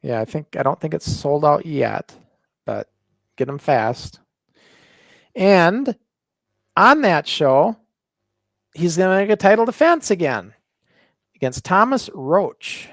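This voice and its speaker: A man's voice: a little high, very animated, takes it slowly, creaky, long pauses, a bit bright, dry recording. A man from the northern US co-hosting a wrestling podcast, boastful and teasing, rambling with fillers. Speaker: podcast co-host. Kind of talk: casual podcast banter.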